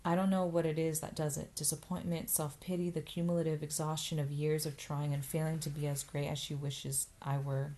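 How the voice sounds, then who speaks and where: A woman with a low voice reads a first-person novel aloud. Her audiobook narration is steady and even. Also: brisk, few pauses.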